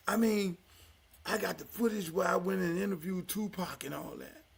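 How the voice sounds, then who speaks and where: An older man from Miami hosting his own podcast, talking in a loud, emphatic, profane way that drops to low confessional asides. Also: moderate pace, vocal fry, husky. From Miami, United States. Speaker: podcast host. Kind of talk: casual profane talk-show monologue.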